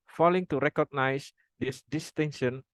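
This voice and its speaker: A man's voice: a little high, steady tone, no room sound, poor audio. Young man reading a formal script. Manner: reads a formal script aloud with halting restarts. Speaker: student presenter. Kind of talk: reading a prepared phonology presentation.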